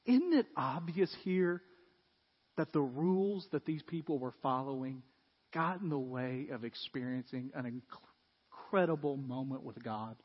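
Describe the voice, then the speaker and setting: A man preaches to his congregation, his voice sitting high for a man. He slips into lively storytelling as he retells scenes. The sound is dull and carries a long church-hall reverb. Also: measured pace, husky. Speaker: pastor. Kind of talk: sermon.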